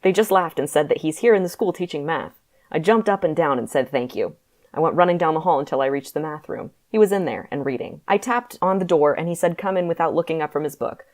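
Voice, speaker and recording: A woman's voice: low-pitched, expressive, fast, a little mellow. A young woman co-hosting a podcast, reading her old writing aloud with sarcastic, laughing asides. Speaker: podcast co-host.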